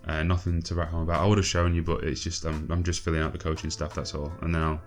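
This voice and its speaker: A man giving casual gameplay commentary, chatty and exasperated, swearing often and filling pauses with ums. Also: rumbling low, flat delivery, soft background music. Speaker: gaming channel host.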